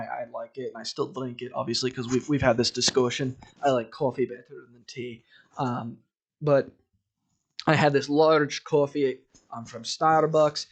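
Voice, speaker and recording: A man's voice: mid-range voice, lo-fi sound. A young adult man hosting his own podcast, telling a long rambling story in a casual, profane, self-amused way. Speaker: podcast host.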